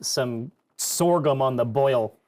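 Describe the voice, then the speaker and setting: A man playing in a tabletop role-playing game, talking casually and excitedly, often restarting his sentences. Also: medium pitch, takes it slowly. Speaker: player.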